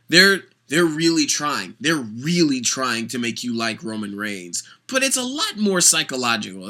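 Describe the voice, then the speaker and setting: A vlogger giving a sarcastic, opinionated rant about pro wrestling, talking with animated, mocking energy. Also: medium pitch. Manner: sarcastic, animated, mocks fans with put-on voices. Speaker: wrestling commentator.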